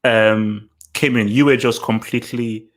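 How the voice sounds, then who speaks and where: A man co-hosting a podcast who talks in an animated way and presses with pointed questions. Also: lowish voice, measured pace. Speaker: podcast co-host. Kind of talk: casual podcast chat.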